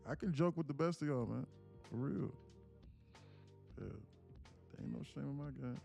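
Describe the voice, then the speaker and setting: A man's voice: mid-range voice, unhurried, gravelly, a little mellow, faint music behind. A man hosting a trading livestream, joking with chat in a playful, slangy way.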